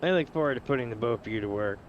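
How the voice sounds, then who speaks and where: A man reading aloud the lines of a steady male village chief in a measured way. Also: mid-range voice, lo-fi sound, slight background noise, close to an everyday voice. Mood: calm. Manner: measured, reading game dialogue.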